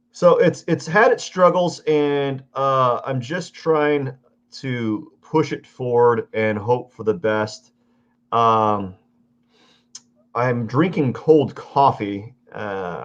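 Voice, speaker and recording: A man's voice: medium pitch, gravelly. A man chatting casually to his stream while he draws at home, rambling and correcting himself as he goes. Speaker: live-stream artist. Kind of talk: casual live-stream chat while drawing. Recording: dull lo-fi audio.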